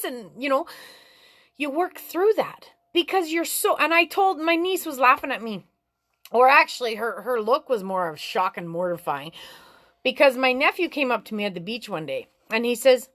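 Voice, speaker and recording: A woman talking in a frank, rambling way about life and relationships, swearing freely and climbing high in pitch when she gets animated. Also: moderate pace, no room sound. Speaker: vlogger giving life advice. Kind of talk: casual spiritual chat.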